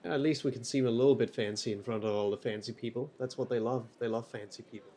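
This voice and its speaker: A man's voice: medium pitch, steady tone, fast, dark tone, a little hiss or hum. A man playing a game with a friend, reading character lines aloud in a mock-formal tone. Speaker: co-player. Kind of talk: casual game playthrough chat, reading dialogue aloud.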